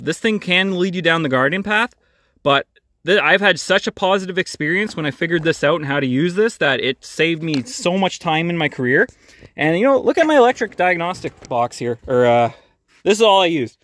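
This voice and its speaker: A man's voice: on the high side, a bit bright. A male mechanic hosting a casual, plain-spoken how-to tutorial from his garage. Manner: plain-spoken, hands-on, practical. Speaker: mechanic, channel host.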